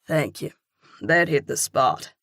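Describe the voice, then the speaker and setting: A woman reading a relaxed man, even wry drawl, low and unhurried, dry close sound. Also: no echo, exaggerated voice. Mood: teasing, calm. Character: man, warm easygoing teasing love interest.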